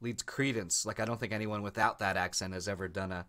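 A man co-hosting a podcast in casual chat, animated and laughing often. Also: lowish voice, fast talker. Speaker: podcast co-host.

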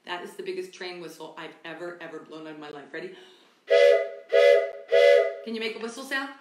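A woman's voice: lowish voice, a little fast, heavy background noise. A woman teaching a livestreamed kids' music class, cheerful and encouraging. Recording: roomy echo, loud guitar.

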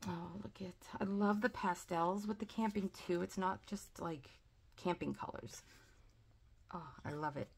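A planner and sticker vlogger chats casually through a sticker haul unboxing, gushing and talkative with lots of "like" and "oh." Her voice is fairly low, creaky and husky, at a measured pace.

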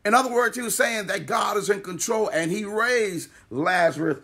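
A man's voice: high voice, normal speed, fairly bright tone, breathy edge. A male pastor preaching a sermon, building repeated refrains and calling on listeners to speak along.

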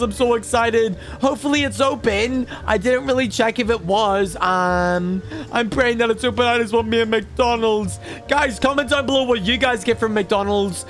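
A man voicing an excitable, cheeky baby boy in game commentary, squealing and talking straight to viewers. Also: extremely high pitch. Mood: excited. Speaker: gaming YouTuber.

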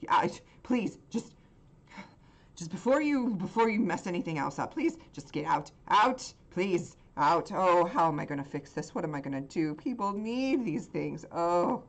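A woman voicing a frantic male chemist who is shrill and pleading over his broken set in a tabletop game. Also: expressive, unhurried.

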